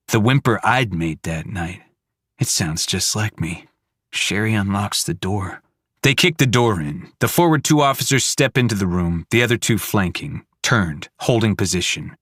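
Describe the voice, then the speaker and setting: A man narrating a first-person horror audiobook in clipped, fragmented, hushed sentences. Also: fairly low pitch, no echo, studio quality.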